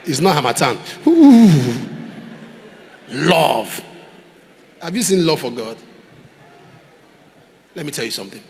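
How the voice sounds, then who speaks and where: A man with a Nigerian English accent preaching a sermon, swinging between loud fervent outbursts and low, quiet storytelling. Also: animated, normal speed, pauses often. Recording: large hall reverb, faint noise.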